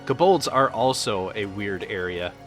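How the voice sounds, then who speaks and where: A man streaming a game, talking casually to his chat in a low-ish but bright, forceful voice. He rambles and swears freely. Faint game music plays behind him. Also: animated, measured pace. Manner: rambling, profane, answers chat.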